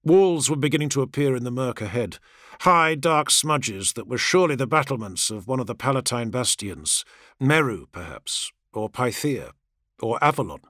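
Male audiobook narrator, dramatic, animated pitch, dry studio sound. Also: normal speed, no room sound. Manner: dramatic, expressive reading. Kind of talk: scripted narration.

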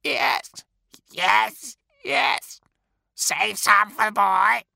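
Shrill cackling hungry crows. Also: male voice, extremely slow, vocal fry, pushed and bright, no room sound, studio quality, full character voice. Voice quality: shrill, squawking.

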